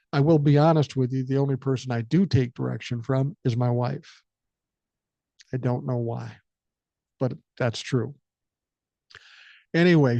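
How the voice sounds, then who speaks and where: Blunt boomer man reading emails. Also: creaky, warm tone, dry recording, dull audio. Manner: casual, blunt and joking, profane asides. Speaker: podcast host. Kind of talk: reading listener emails aloud with commentary.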